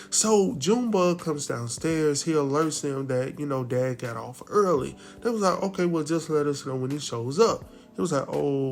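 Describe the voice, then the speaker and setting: A man with a somewhat high voice gives a laid-back recap of a TV episode, acting out the characters' lines as he tells it. Faint music plays behind him. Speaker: recap host.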